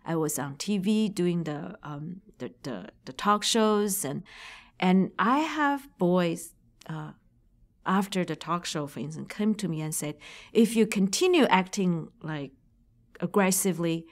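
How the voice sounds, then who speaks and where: A woman from China with a Chinese accent, speaking English as a second language and giving thoughtful, halting interview answers about her career as a marketing manager. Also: fairly low pitch, lively intonation. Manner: thoughtful, halting, searching for words.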